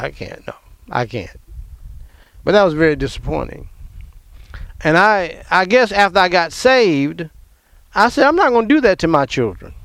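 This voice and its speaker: A middle-aged Southern American man tells a personal family story with emphatic, animated energy. His voice sits high, and the recording is dry.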